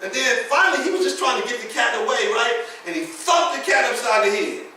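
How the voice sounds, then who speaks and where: A man's voice: very high voice, animated, fast, background noise. A man preaching a sermon to his congregation, telling a folksy story and laughing at his own jokes. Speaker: pastor. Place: church sanctuary. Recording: echoey church hall, picked up from a distance.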